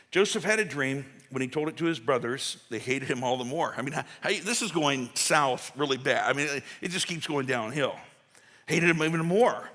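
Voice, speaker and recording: A man's voice: mid-range voice, fairly bright tone. A man preaching a conversational sermon as pastor, folksy and full of asides and restarts. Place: church sanctuary. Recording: long church hall reverb.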